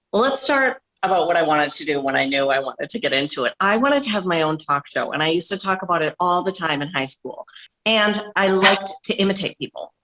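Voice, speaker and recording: Low-voiced woman telling stories. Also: fairly bright tone, rough recording. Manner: chatty, rambling anecdotes with quoted asides. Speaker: guest, voiceover artist. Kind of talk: casual storytelling interview. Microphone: video call.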